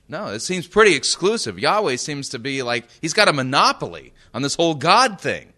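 Emphatic, animated male preacher. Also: mid-range voice. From United States. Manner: emphatic, reads scripture slowly and checks in with the crowd. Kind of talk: sermon.

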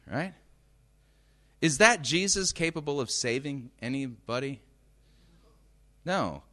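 Emphatic, animated male preacher. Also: mid-range voice. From United States. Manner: emphatic, reads scripture slowly and checks in with the crowd. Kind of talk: sermon.

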